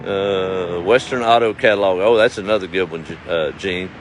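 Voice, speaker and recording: At dusk outdoors, a middle-aged man with a low voice hosts a casual livestream at a moderate pace. He reads viewer comments in a folksy drawl, chuckling often, while faint outdoor noise and passing vehicles sit in the background.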